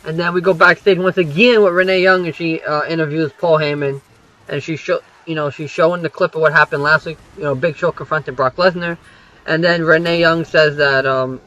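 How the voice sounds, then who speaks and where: A man's voice: a little high, fairly even intonation, fairly quick, sharp tone, dull audio. A young man rambling through a wrestling recap over gameplay, swearing freely and filling gaps with "you know" and "um".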